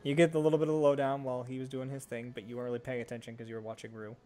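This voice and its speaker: Man running a tabletop game, casual, relaxed, middle pitch, faint music underneath. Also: rapid-fire. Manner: relaxed, casual, many fillers. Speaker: game master.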